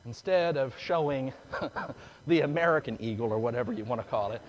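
Animated preacher in a reverberant hall. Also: male voice, mid-range voice, brisk. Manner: storytelling with big swings from hushed to loud. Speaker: pastor. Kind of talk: sermon.

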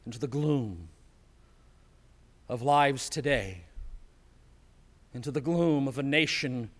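Slow preaching pastor in an echoing sanctuary. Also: male voice, medium pitch, animated. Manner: slow, emphatic preaching with dramatic drops to quiet. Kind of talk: sermon. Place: empty church sanctuary.

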